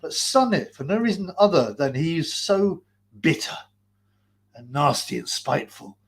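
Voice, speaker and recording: A man's voice: fairly high pitch, sing-song, measured pace, gravelly. Foul-mouthed man ranting, mask on. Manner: crude, mocking, laughs between lines. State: wearing a mask. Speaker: livestream host. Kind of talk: profane ranting livestream commentary. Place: hot basement.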